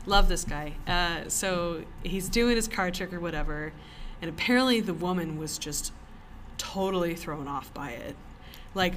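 A woman co-hosting a podcast in a cellar, telling stories in casual chat as an animated storyteller who laughs often. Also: on the low side, measured pace, a little hiss or hum. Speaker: podcast co-host.

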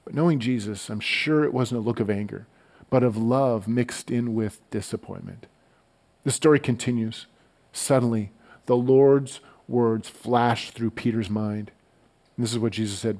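A man giving a relaxed, conversational sermon as a pastor, often repeating words as he goes. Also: medium pitch, normal speed. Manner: conversational, relaxed storytelling with frequent stammered word repeats.

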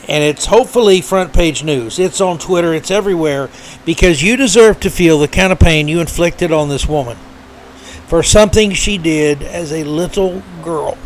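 A man with a slightly higher voice delivers a solo podcast rant, heated and indignant, stumbling over restarts and fillers. A faint hiss of noise sits under the recording. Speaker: podcast host. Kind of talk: solo political commentary.

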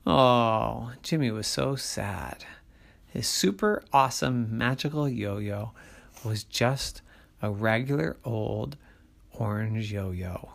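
A storyteller telling a children's story in a slow, sing-song way, dropping to soft asides. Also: medium pitch, gravelly.

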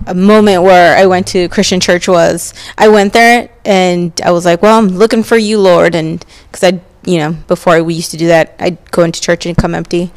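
A woman's voice: on the low side, fairly even intonation, moderate pace, hardly any pauses. A woman sharing a heartfelt, emotional church testimony in casual conversation.

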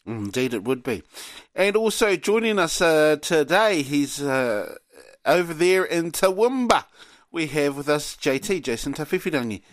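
Chatty New sports show host. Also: male voice, a little high, unhurried, no echo. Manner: relaxed, chatty, uses Māori greetings.

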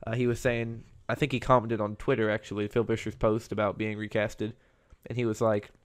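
A man's voice: on the low side, level tone, a little fast. A man hosting his own podcast, talking alone in a rambling, conversational way. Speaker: podcast host. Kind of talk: casual solo podcast monologue.

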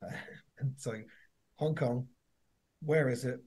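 Husky-voiced male podcast host. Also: medium pitch, fairly even intonation, slow pace, darkish tone. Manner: chatty and anecdotal. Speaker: podcast host, football coach. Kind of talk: casual conversational interview.

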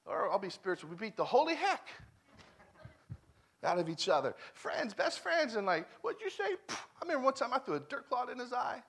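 A man, a guest preacher in his thirties or forties, giving a conversational sermon with personal stories, repeating phrases emphatically and swinging from loud declarations to hushed, quiet stretches. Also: extremely high pitch, very animated, brisk, creaky, husky.

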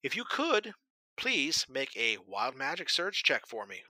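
A man's voice: mid-range voice, no room sound, poor audio. A man narrating a tabletop game as game master, describing the action and calling for rolls. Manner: steady, descriptive narration with brisk rule calls.

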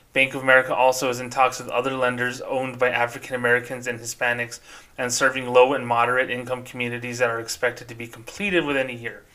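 A man's voice: medium pitch, pushed and bright. A man hosting a solo podcast, opinionated and emphatic as he rants into a microphone. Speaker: podcast host.

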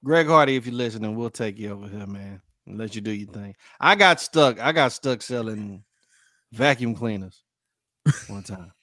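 Relaxed podcast man chiming in. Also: on the low side, moderate pace, no room sound, clean studio sound. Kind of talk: casual chat.

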